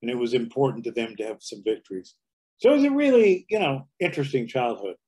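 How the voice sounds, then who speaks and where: A man's voice: mid-range voice, wildly swooping pitch, fast talker, mellow, breathy edge. A man in his seventies, a guest comedian telling anecdotes in a casual interview, slipping into dialect impressions. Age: 70s.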